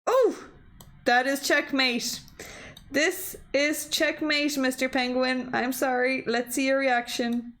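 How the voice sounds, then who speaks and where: A young woman streaming a chess game, talking excitedly to her computer opponent, gasping and exclaiming at the moves. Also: high-pitched, takes it slowly. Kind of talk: casual live-stream chess play-by-play.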